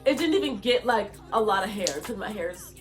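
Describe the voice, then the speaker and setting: A woman's voice: mid-range voice, lively intonation, brisk, faint music behind. A woman vlogger telling a story to camera in a casual way, laughing often and restarting her sentences.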